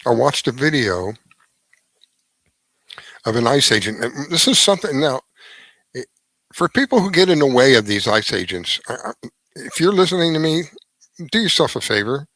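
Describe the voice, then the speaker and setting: A man's voice: medium pitch, sing-song, moderate pace, pauses often, a bit bright, dry recording, rough recording. A middle-aged man hosting a radio show, giving a rambling opinion monologue with restarts and heavy emphasis.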